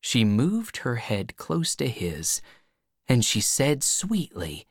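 Woman narrator, low voice, very slow and clear reading, lively pitch, dry close sound. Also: dry recording. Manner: slow, clear graded-reader delivery. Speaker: reader. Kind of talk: scripted storybook narration.

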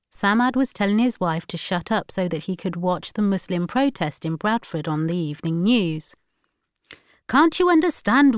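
A woman narrating a novel chapter in a measured, even reading. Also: lowish voice, no echo, studio quality. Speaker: audiobook narrator. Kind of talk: scripted narration.

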